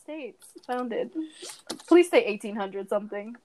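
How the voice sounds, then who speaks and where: A woman's voice: on the high side, animated, takes it slowly, over a noisy crowd. A woman co-hosting a podcast in casual chat, giggly and chatty, often hedging with fillers as she shares facts. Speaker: podcast co-host sharing facts. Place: Bay Area.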